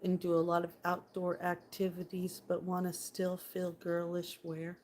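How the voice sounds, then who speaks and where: A woman's voice: on the low side, completely flat delivery, unhurried, a little mellow, a little hiss or hum. Bubbly woman chatting on a phone. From California. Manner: bubbly, chatty, answers viewers. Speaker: vlogger. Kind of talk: casual live-stream chat. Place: home indoors by a window.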